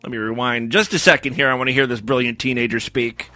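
A man's voice: medium pitch, steady tone, quick pace, sharp tone, no echo, soft background music. A man hosting a podcast, giving sarcastic, crude, rambling commentary on clips. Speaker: podcast host. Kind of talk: casual comedic commentary on clips.

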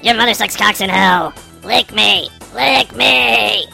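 A man's voice: sits high, takes it slowly, gravelly, bright, forceful tone, soft background music, voice pushed up, full character voice. A man voicing an evil, lewd male chatbot elf with a snarling, menacing delivery.

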